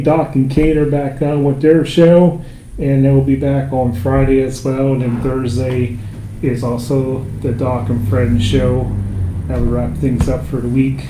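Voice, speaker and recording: A man hosts a local radio show, easygoing as he reads listener comments and runs through the week's lineup. His voice is dark and mellow. The room adds noticeable echo, with a faint hiss underneath. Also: mid-range voice. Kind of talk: casual radio chat and announcements. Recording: echoey room, faint noise.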